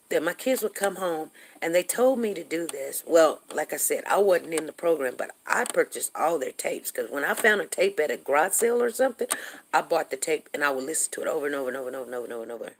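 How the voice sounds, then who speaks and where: A middle-aged woman hosting a show, telling a personal story in a casual, animated way and repeating words for emphasis. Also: lowish voice. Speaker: show host.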